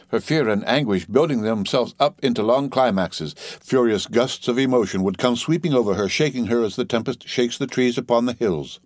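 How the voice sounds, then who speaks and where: A man narrating a novel as a steady, dramatic audiobook reading, lightly voicing the dialogue. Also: on the low side, dry recording, clean studio sound.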